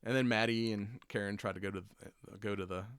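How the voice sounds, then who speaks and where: A man's voice: fairly low pitch, steady tone, fairly quick, fairly bright tone, clear, resonant tone, dry recording. A man hosting a podcast, chatting casually through a TV episode recap, swearing freely, laughing often and acting out the characters' lines. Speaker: podcast host.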